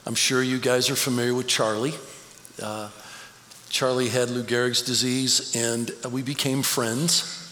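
A man's voice: medium pitch, level tone, a little slow, pushed and bright, slight background noise. A middle-aged man giving a conversational, storytelling sermon as a guest speaker in a church. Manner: conversational, storytelling, emotional at times. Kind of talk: personal sermon talk. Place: church sanctuary. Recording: church hall reverb, faint ambience.

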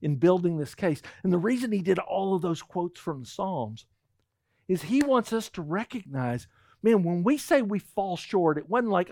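A man's voice: sits high, moderate pace, no room sound, clean studio sound. A middle-aged male pastor telling a personal story in a sermon, acting out the lines of the people in it. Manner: animated storytelling, acts out quotes.

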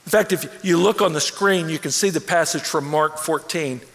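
A pastor delivers a sermon in a high, bright-edged voice. He preaches with animated energy that climbs toward near shouts. His voice rings out with the long reverb of a large sanctuary. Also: moderate pace.

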